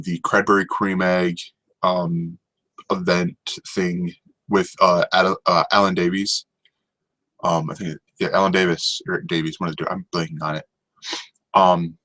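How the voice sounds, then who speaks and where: This North American man hosts a casual solo podcast reviewing TV, rambling with plenty of ums and restarts. His voice is low-pitched and sharp, and the recording quality is low.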